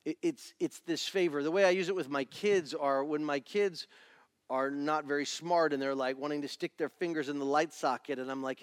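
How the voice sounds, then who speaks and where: A middle-aged male pastor preaching a sermon in a church, animated and acting out little family scenes. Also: a little high, normal speed, clean tone, dry recording, studio quality. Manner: animated, acts out family scenes in different voices.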